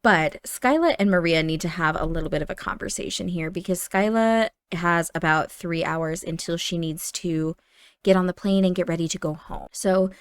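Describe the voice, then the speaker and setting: A young adult woman narrating her life-sim story in a chatty, casual way. Her voice sits low and is recorded dry and close, with no room sound. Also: normal speed, smooth, no room sound. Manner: chatty, warm-hearted, with fillers. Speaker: game storyteller.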